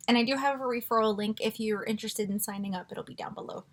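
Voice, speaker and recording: A woman vlogger chatting casually through a beauty box unboxing, gushing and excitable with frequent gasps. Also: fairly high pitch, fast. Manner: gushing and excitable, gasping often.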